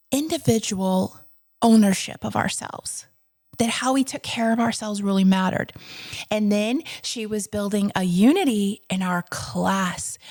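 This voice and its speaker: Woman podcast host and educator, chatty and earnest, slight fry, dry close mic. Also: medium pitch, a little mellow, no room sound. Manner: chatty, earnest, asides to listeners. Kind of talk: storytelling podcast monologue.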